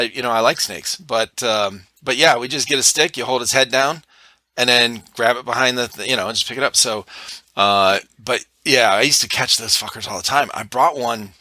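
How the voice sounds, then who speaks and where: Bright-voiced man telling rambling stories. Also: mid-range voice, no echo. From Midwest US. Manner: rambling, profane, laid-back. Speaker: podcast guest. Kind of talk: casual storytelling chat.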